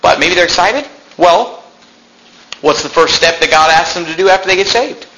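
A man preaching a sermon as pastor, emphatic, swinging between loud peaks and quiet drops. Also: high-pitched, normal speed, a little hiss or hum, poor audio.

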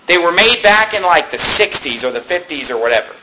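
Man, pastor, sermon, high voice, echoey church room, animated preaching. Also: a little fast, slight background noise. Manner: animated, conversational preaching with rhetorical questions.

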